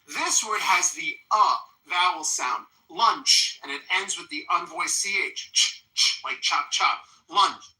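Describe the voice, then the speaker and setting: A woman teaching English pronunciation, enunciating slowly and deliberately. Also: fairly low pitch, pushed and bright, roomy sound, poor audio. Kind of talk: pronunciation lesson.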